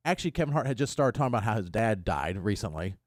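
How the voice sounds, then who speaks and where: A man's voice: fairly low pitch, very fast, no room sound. A man hosting a morning radio show, telling a story in casual studio chat and acting out the quotes. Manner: animated storyteller who acts out quotes. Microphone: studio microphone.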